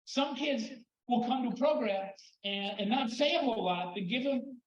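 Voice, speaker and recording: An older man giving an animated storytelling talk at a conference, expressive and prone to repeating words when excited. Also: extremely high pitch, normal speed. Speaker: conference speaker. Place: conference hall. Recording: echoey, dull hall recording.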